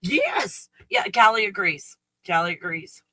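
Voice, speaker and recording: A woman's voice: mid-range voice, expressive, unhurried, bright, forceful tone, poor audio. A woman hosting a casual live stream from home, blunt and freely swearing, cooing in baby talk at her dog.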